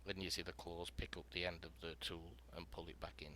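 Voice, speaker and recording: A man with a very low yet bright voice tells a story off the cuff, halting and repeating himself. Faint noise hums behind him. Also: level tone. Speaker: podcast panelist. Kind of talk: improvised storytelling.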